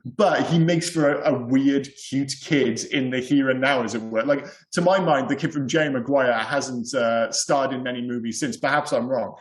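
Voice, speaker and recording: A man's voice: mid-range voice, normal speed, hardly any pauses. Chatty man in an echoey room. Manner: rambling, chatty, lots of "yeah" and restarts. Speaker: podcast co-host. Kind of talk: casual film chat.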